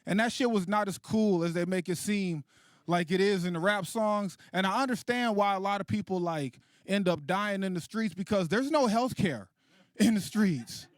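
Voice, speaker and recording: A man in his late thirties doing a stand-up comedy set, animated and profane, laughing at his own jokes. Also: sits high, moderate pace, dry recording, studio quality. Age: 30s. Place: comedy stage.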